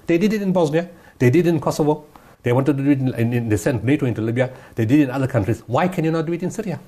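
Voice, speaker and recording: A man's voice: mid-range voice, animated, very fast, warm tone. A man giving impassioned interview answers, emphatic and repeating his points. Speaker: guest humanitarian speaker.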